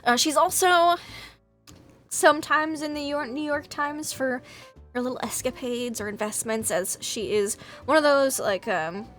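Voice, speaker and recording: A woman's voice: sits high, measured pace, a bit bright, faint music behind. A woman narrating as game master of a tabletop game, meandering with many fillers.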